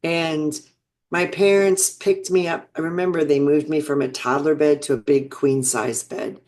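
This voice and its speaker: A woman's voice: low voice, measured pace, darkish tone. Reflective woman in her sixties. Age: 60s. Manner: reflective, earnest, with frequent restarts. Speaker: interview guest, businesswoman. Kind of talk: personal storytelling.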